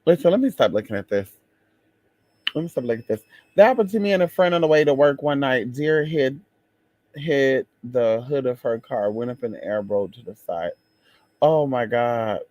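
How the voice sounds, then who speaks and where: A man chatting casually to his viewers in a sassy, expressive way. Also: mid-range voice, moderate pace, dry recording. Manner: sassy, expressive, exclaims and drawls. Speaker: vlogger.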